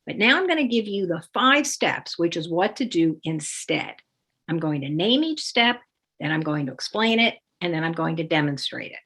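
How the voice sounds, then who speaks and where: A woman explains parenting strategies in a calm, measured teaching voice. She walks through each step clearly and acts out example phrases a parent might say to a child. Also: lowish voice. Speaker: parenting coach. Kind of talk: instructional talk with demonstrations.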